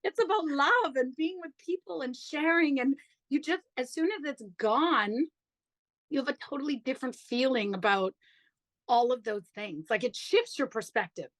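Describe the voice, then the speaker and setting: Woman, podcast guest, fairly high voice, chatty and enthusiastic, dry close sound. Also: moderate pace, a bit bright, no room sound, rough recording. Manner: enthusiastic, chatty, frequent "like" and "you know". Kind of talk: personal storytelling in conversation.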